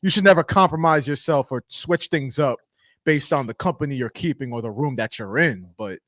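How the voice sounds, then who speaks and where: A man co-hosting a podcast in casual chat, with a smooth, professional radio voice and an easygoing manner. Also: mid-range voice, brisk, a bit bright, dry recording, studio quality. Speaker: podcast co-host.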